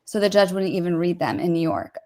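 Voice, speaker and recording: Woman chatting on a livestream, opinionated, fast and full of likes and ums. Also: on the low side, warm tone. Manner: rapid, filler-heavy, opinionated. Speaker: co-host discussing court filings. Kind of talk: casual livestream chat.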